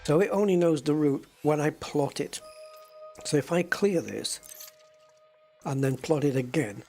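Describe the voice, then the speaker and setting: A man's voice: a little high, unhurried, darkish tone, soft background music. A man chatting casually and joking with viewers while live-streaming a space game.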